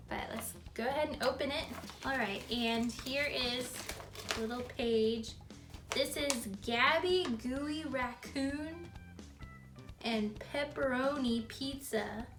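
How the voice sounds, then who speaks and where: Giggly high-voiced woman gushing over toys. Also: roomy sound. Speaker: YouTube vlogger. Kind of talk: toy unboxing vlog.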